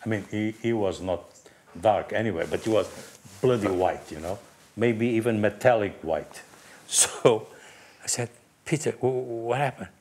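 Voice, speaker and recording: Man telling a lively racing anecdote. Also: lowish voice, moderate pace, a little hiss or hum. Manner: lively anecdote-telling, acting out quotes, laughing often. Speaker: team manager. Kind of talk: casual storytelling on a panel.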